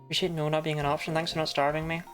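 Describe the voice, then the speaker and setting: A woman's voice: low voice, little pitch movement, very fast, soft background music. A woman chatting casually while streaming a game, laughing often and swearing now and then. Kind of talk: casual live-stream commentary.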